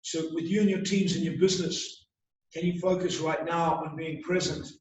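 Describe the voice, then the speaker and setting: A man's voice: fairly high pitch, level tone, moderate pace, heavy reverb, far from the mic, slight background noise, poor audio. A man giving a motivational talk, emphatic and full of repeated rhetorical questions. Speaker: motivational speaker.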